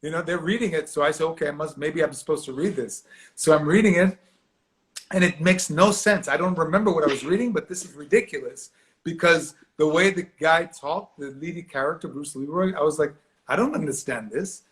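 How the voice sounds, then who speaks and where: Man, fairly high voice, lively storyteller, acts out voices, video call. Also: fairly quick. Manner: animated, acts out quoted voices, laughs often. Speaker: actor guest. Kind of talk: storytelling interview.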